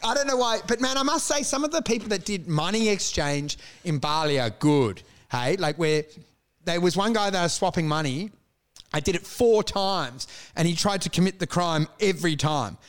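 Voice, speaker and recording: Man, high voice, casual chat, animated profane storytelling, frequent laughter. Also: moderate pace. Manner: laughs often.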